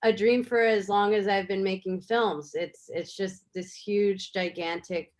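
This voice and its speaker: A woman filmmaker speaks over a video call in a casual interview, chatty and animated. Her voice sits at a middle pitch, and her story spills out with plenty of fillers and restarts. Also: measured pace. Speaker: filmmaker guest.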